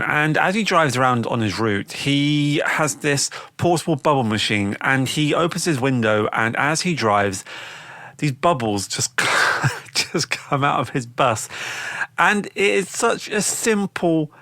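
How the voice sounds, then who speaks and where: A man's voice: medium pitch, pushed and bright, dry recording. A man hosting a podcast, talking in a reflective, chatty way with frequent restarts. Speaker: podcast host. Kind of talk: casual spoken monologue.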